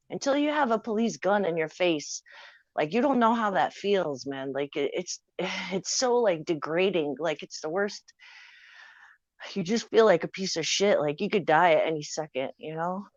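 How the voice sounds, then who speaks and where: A woman's voice: fairly low pitch, no room sound. Woman in casual chat, blunt, emphatic, swears a lot, dry close sound, muffled. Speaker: podcast co-host.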